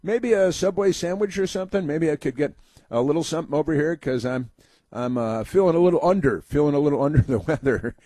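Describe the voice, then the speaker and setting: A man's voice: fairly high pitch, fast, warm tone, no room sound, close to an everyday voice. A man voicing a mock-innocent middle-aged female prisoner in a coy, wheedling tone.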